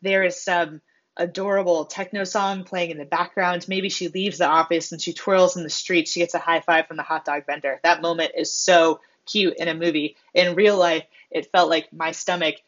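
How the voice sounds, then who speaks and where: A woman's voice: on the low side, moderate pace. Woman doing a pep-talk monologue, playful, does little voices, kinda muffled audio. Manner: expressive, acts out quoted voices with self-mocking humor. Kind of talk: motivational monologue. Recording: slightly dull lo-fi sound.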